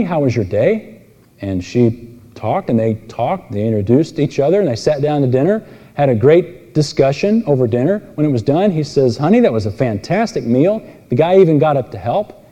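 A man preaching an expository sermon, telling stories with voiced characters and moving between emphatic and quiet delivery. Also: fairly high pitch. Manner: animated storytelling with voiced characters. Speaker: pastor. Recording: long reverb in a large hall.

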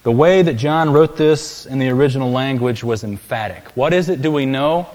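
A man's voice: mid-range voice, lively intonation, a little fast, few pauses. A man preaching a sermon, telling a story and then building to emphatic, raised peaks on key phrases. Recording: long hall reverb.

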